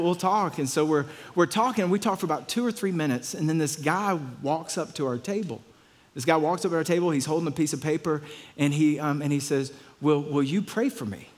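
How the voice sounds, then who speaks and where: A man's voice: on the high side, big-room sound. A pastor telling a story in a conversational sermon, often repeating his words.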